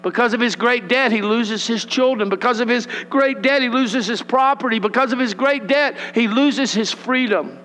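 A man preaching a sermon, animated and folksy, acting out the voices of the scripture passages. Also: very high voice, moderate pace, few pauses. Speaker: pastor. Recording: long hall reverb with mains hum.

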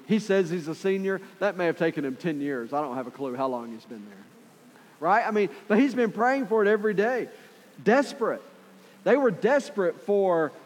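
A man preaching a sermon with passion, repeating phrases for emphasis and acting out voices from the story. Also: fairly high pitch. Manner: impassioned, repetitive, acts out quoted voices. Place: church sanctuary. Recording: reverberant hall with faint music.

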